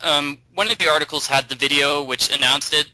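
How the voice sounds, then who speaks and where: Brief: talkative male host, very bright forceful tone, dry close sound, rambling delivery. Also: fairly high pitch, a little fast, no echo, rough recording. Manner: chatty, digressive, thinks aloud with ums. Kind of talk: casual chat.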